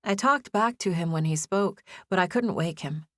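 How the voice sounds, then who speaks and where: A young adult woman narrating a first-person audiobook with gentle, intimate storytelling. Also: fairly low pitch, moderate pace, no room sound, clean studio sound.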